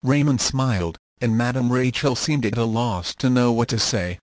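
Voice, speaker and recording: A man's voice: medium pitch, dry recording. Man narrating a storybook, dry sound. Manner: steady, measured reading. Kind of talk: audiobook narration of a children's story.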